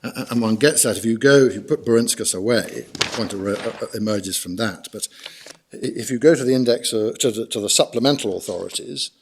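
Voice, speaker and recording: Formal barrister, low voice. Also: male voice, a little hiss or hum. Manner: measured, formal, guides the bench through documents. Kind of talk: courtroom legal argument. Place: court hearing room.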